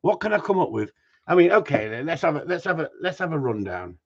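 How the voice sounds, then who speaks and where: A man's voice: a little high, sing-song, fast. A man, hosting a casual live stream, reading out viewer comments and teasing his audience with jokes and mild swearing. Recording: dull lo-fi sound.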